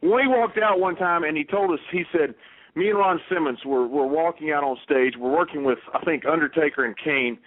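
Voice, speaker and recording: A man's voice: fairly high pitch, fairly quick. A man with a Southern US accent, a guest telling stories bluntly in a casual interview. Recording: tinny phone line.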